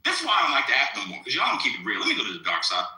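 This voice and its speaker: A man arguing in a crude, casual live-stream debate, provocative and animated. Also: mid-range voice, rapid-fire, echoey room, poor audio. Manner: animated, provocative, swings loud to soft.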